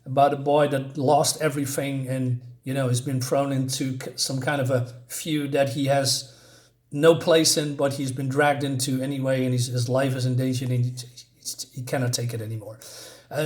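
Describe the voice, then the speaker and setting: A man's voice: mid-range voice, darkish tone. A man chatting casually through a comic book review, hesitant, with many fillers and restarts.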